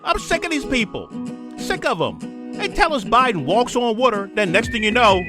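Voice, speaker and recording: A man's voice: very high voice, very animated, moderate pace, music in the background. A man hosting his own podcast, delivering a heated, sarcastic political rant. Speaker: podcast host. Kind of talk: solo political commentary rant.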